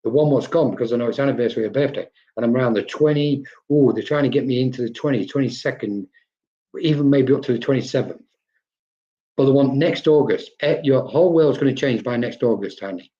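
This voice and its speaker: A man's voice: medium pitch, fast talker, warm tone. A man with a mid-range voice gives psychic readings on a live stream. He talks in a loose, chatty way and tags his lines with a questioning "okay?". The audio is dull and lo-fi. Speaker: psychic medium.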